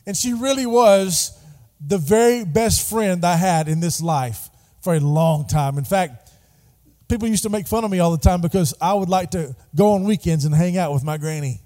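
In a church sanctuary with long hall reverb, a middle-aged pastor preaches a sermon in a high-sitting, mellow voice at a moderate pace. He uses call-and-response, prompting the congregation to repeat his words back to him.

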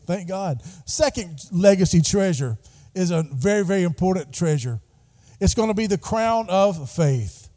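A man's voice: sits high, lively intonation, moderate pace, dark tone. A middle-aged man preaching a sermon in a church, calling on the congregation to repeat words back to him. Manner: call-and-response preaching, prompting the congregation. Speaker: pastor. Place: church sanctuary. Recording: long hall reverb.

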